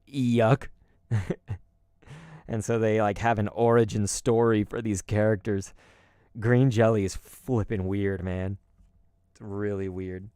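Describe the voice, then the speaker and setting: A man's voice: fairly low pitch, a little mellow, smooth, no room sound, clean studio sound. A man hosting a card-opening video, chatting casually in a rambling, nostalgic way with many asides to viewers. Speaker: YouTube host opening collectible cards. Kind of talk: casual chat.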